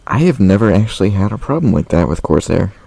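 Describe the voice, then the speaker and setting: A man's voice: fairly low pitch, lively intonation, fast, vocal fry, warm tone, husky. A man co-hosting a casual podcast, dry and teasing. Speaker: podcast co-host. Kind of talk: casual chat.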